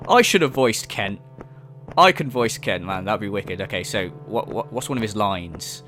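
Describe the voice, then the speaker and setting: A man's voice: on the low side, expressive, moderate pace, fairly bright tone, faint music behind. A young man giving jokey, sarcastic let's-play commentary, swearing casually as he explores. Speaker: gaming YouTuber.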